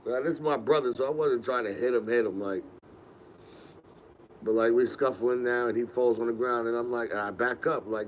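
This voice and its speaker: A man's voice: mid-range voice, steady tone, normal speed, a little hiss or hum, low-quality recording. A young man, hosting a podcast and telling rambling, laid-back stories with laughs. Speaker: podcast host. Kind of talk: casual storytelling.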